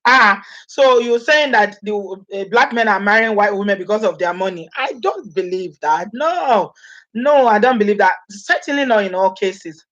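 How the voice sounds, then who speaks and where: Medium in pitch and moderate in pace, a Nigerian-accented woman from Nigeria vlogs in lo-fi sound. Her casual chat with live viewers is animated, full of laughter and acted-out quotes from other people.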